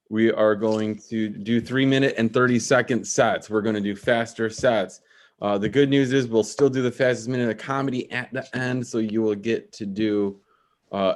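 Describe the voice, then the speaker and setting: A man hosting a live comedy show, briskly running through announcements with a slightly worn voice. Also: lowish voice.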